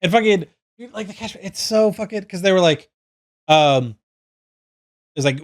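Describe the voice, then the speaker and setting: A man's voice: high voice, moderate pace, long pauses. A man co-hosting a casual podcast, swearing freely and ranting with energy. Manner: profane, animated ranting. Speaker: podcast co-host. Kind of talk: casual chat.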